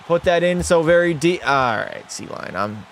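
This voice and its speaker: A man's voice: a little high, measured pace, slight background noise. Chatty young man calling a hockey game. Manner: excitable, chatty, answers chat, mock French-Canadian outbursts. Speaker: streamer and game commentator. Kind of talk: casual live-stream play-by-play commentary.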